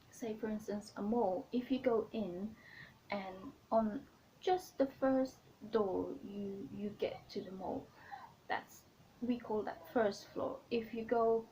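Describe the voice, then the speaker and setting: A woman talks through a casual vlog, unscripted and chatty, often pausing on an um or restarting a word. Her voice sits a little high and sounds mellow and relaxed. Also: slight background noise, low-quality recording. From Philippines. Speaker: vlogger.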